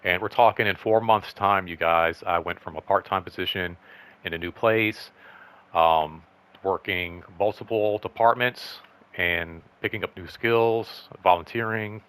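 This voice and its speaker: A man hosting a casual personal vlog update, rambling and excited, full of "like" and "um". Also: sits low, unhurried, clean tone. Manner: rambling, lots of "like" and "um"; excited, upbeat. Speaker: channel host.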